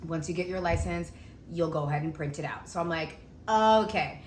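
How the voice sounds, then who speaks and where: A young woman telling a story in a casual vlog, chatty and animated, acting out the people she quotes. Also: lowish voice, normal speed. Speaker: vlogger. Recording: echoey room with faint noise.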